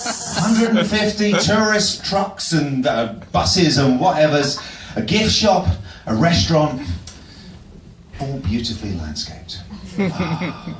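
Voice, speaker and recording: A stand-up comedian works a topical set at a pub comedy venue, dry and self-deprecating, often chuckling at himself. His voice sits fairly high, swings widely in pitch, and moves slowly. The roomy, distant pub mic picks up noise.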